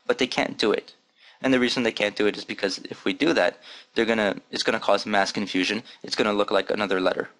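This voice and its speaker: Brief: man, lowish voice, patient language teacher who drills each word aloud. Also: fairly bright tone. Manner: patient, repeats words slowly for drilling. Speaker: Arabic teacher. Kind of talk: recorded lesson.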